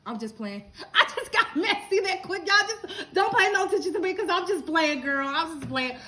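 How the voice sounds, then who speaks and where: Speaking fairly quickly in a very high-pitched voice, a middle-aged Lubbock, Texas woman hosts a casual live stream, laughing and chatting animatedly right at her viewers. The recording is rough.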